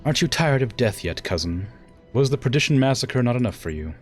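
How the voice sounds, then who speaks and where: A man's voice: medium pitch, animated, brisk, faint music behind, pitched above the performer's own voice, natural voice. A man reading a resolute young woman ruler from a game in an English accent, firm and commanding. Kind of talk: reading game dialogue aloud.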